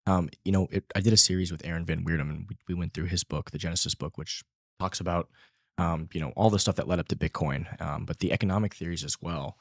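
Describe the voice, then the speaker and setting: A man's voice: low-pitched, quick pace, dry recording, studio quality. A man hosting a podcast interview, chatting casually and agreeing enthusiastically. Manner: enthusiastic, lots of agreeing fillers. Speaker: podcast host.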